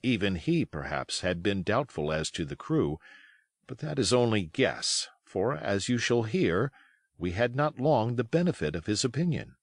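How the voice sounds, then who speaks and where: A man's voice: on the low side, very animated, normal speed, no echo, clean studio sound. A man reading a novel aloud as an audiobook, telling it expressively and giving each character a voice. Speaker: audiobook reader. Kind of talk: scripted narration.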